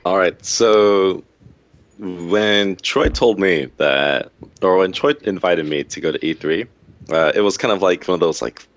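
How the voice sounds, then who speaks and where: Deep-voiced man on dull mic. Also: a little slow. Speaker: guest. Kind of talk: casual chat.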